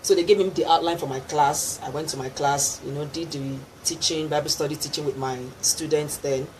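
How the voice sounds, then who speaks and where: Her voice is low-pitched, a little mellow and a little fast, with a steady tone: a middle-aged Nigerian gospel singer telling her testimony during a radio interview. She brings it to life with laughter and acted quotes from the people involved. Poor audio and faint background noise mark the studio recording.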